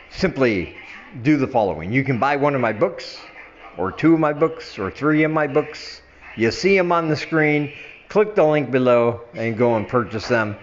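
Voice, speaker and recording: An older man chatting casually to his viewers in a vlog, laughing at himself and slurring his words a little after some wine. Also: muffled recording. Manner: chatty, laughs at himself, drifts into a low mumble at the ends of phrases. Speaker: vlogger. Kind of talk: casual chat to camera.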